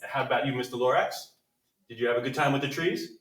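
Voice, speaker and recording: A man's voice: mid-range voice, fast talker, a bit bright. A man co-hosting a playful kids' science show, upbeat and chatty, acting as the curious student. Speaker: co-host. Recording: roomy sound from a distance.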